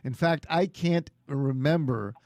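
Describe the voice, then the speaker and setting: A man in his sixties hosting a radio interview. He is blunt and tends to repeat himself as he begins a thought. His voice is slightly high for a man, and the studio sound is dry. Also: takes it slowly, darkish tone, no room sound. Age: 60s. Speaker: radio host.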